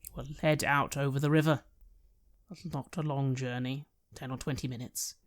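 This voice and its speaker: A man narrating a tabletop role-playing game as game master, measured and descriptive. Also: mid-range voice, fairly even intonation.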